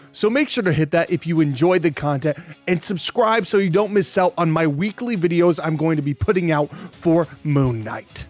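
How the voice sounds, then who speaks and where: A man hosting a casual video review, talking in an enthusiastic, gushing way with frequent restarts. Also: a little high. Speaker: YouTube show reviewer.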